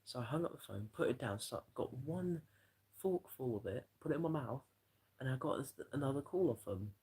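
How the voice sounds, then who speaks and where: A man's voice: medium pitch, animated, brisk, darkish tone, husky. A man, livestreaming and telling a rambling, profane story to his chat in a casual way.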